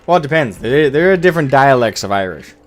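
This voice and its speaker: A man's voice: medium pitch, very animated, quick pace. A man streaming a game, chatting casually in a rambling, profane way, often correcting himself. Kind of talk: casual live-stream chat.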